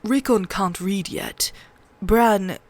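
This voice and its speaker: An earnest, somber young watchman speaks quietly and plainly, as a woman reads his lines aloud. His voice sits at a middling pitch and stays low-key. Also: takes it slowly, lightly acted. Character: earnest, somber young male sworn brother.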